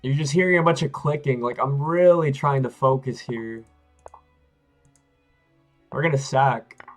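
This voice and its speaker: A man's voice: medium pitch, moderate pace, soft background music, poor audio. A man streaming chess games live, talking to himself and his viewers as he plays, swinging between hype and frustrated muttering. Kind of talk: live-stream commentary while playing.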